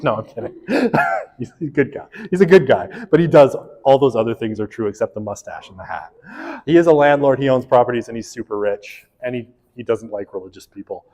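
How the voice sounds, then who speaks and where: A man's voice: medium pitch, animated, normal speed, a little mellow, slightly rough, big-room sound. A man gives a casual, joking sociology lecture, full of fillers and tag questions like "right?". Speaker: sociology instructor. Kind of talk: recorded university lecture.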